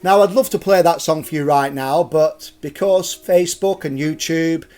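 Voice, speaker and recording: A man's voice: fairly high pitch, normal speed, darkish tone, faint music behind. A middle-aged man hosting a live storytelling stream, chatty, jokey and digressive. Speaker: storyteller and host.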